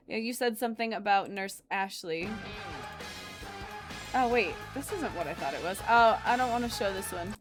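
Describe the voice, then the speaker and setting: Female streamer, average pitch, loose rambling chat, answers comments. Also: expressive, normal speed, faint music behind. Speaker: streamer reacting to videos. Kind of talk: casual live-stream chat.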